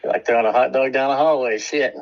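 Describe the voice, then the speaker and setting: A man's voice: medium pitch, brisk. A male radio co-host bantering casually, dropping crude jokes and laughing along. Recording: dull lo-fi sound.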